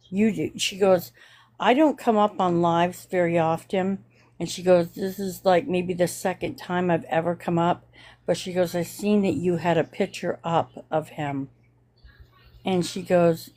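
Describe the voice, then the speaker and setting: A woman's voice: on the low side, unhurried, darkish tone. A woman telling a rambling anecdote in casual chat.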